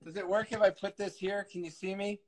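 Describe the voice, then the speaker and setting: A man cooking on a live video call talks fairly quickly in a high-pitched voice with fairly even intonation. He's the guest cook, chatting casually and making self-mocking jokes, loud when he leans closer. The audio is poor.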